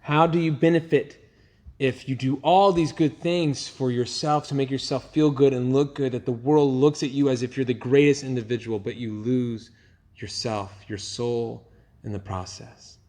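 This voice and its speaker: A man teaching a youth group in a casual, animated storytelling way, laughing often and using casual fillers. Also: mid-range voice, moderate pace. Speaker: youth pastor.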